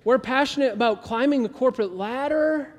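A man preaching a casual, animated sermon as pastor, acting out quoted voices as he goes. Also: very high-pitched, a little fast, highs cut off. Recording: long hall reverb.

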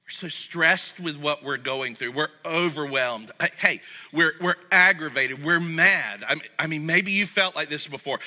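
A man preaching a sermon as pastor, talking to the congregation conversationally and going soft and low when he reads scripture. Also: normal speed, few pauses. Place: church sanctuary. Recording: long reverb of a large hall.

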